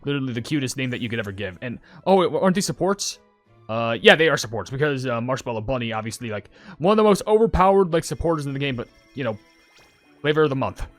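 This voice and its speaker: A young man doing casual commentary as a YouTuber, rambling and correcting himself with excitable asides. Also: mid-range voice, fast talker, dry recording, faint music behind. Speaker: YouTuber reacting to game updates.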